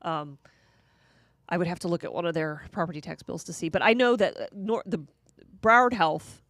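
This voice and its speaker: A woman's voice: on the low side, normal speed, fairly bright tone, dry recording, studio quality. A woman co-hosting a casual political talk show, explaining a county program in a chatty way with frequent restarts. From Florida. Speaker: podcast co-host.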